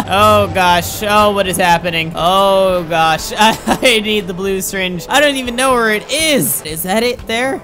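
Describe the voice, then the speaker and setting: A man giving excitable gameplay commentary, frantic, exclaiming and laughing at himself as he plays. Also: sits high, measured pace, faint music behind. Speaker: gaming commentator.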